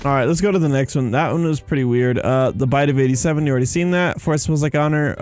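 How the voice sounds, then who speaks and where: A young man giving casual, rambling commentary on his game, excitable and tired, with faint music behind him. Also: a little high, fast talker, hardly any pauses. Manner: excitable, rambling, says "dude" and "you guys". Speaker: gaming YouTuber.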